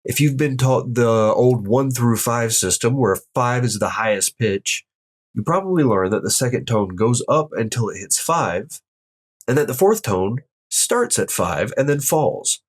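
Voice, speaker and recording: Husky-voiced man teaching with lively pitch. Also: a little slow. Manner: explains step by step and demonstrates each tone aloud; upbeat, addresses viewers directly. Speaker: Mandarin tone teacher. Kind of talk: online language lesson.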